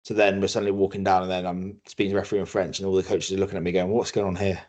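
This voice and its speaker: Low-voiced English man telling stories. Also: flat delivery, rapid-fire, a little mellow. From England. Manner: storytelling with many restarts, acting out quoted voices. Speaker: guest, rugby player. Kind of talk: casual podcast conversation.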